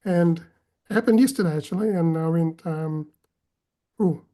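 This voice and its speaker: Low, mellow-voiced woman interviewer. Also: moderate pace. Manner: reflective, with soft hesitations. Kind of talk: casual podcast chat.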